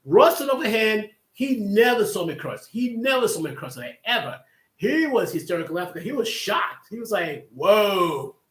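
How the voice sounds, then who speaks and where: Man, livestream host, rambling storyteller, slightly high voice, echoey room. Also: big pitch swings, moderate pace. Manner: rambling, with many restarts and asides. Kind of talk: casual storytelling monologue.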